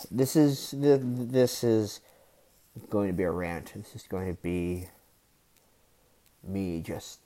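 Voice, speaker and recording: A man hosting his own podcast, venting in an irritated, deliberately lowered voice with sighs, profanity and halting restarts. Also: steady tone, dark tone. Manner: low, deliberately slow annoyed voice with sighs and profanity; halting restarts between outbursts. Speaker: podcast host. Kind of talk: annoyed solo podcast rant.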